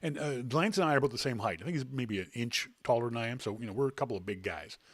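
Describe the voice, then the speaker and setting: A man hosting a podcast, telling a self-deprecating anecdote in a casual, animated way. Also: mid-range voice, fast, no echo. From Canada. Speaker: podcast host. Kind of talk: casual storytelling.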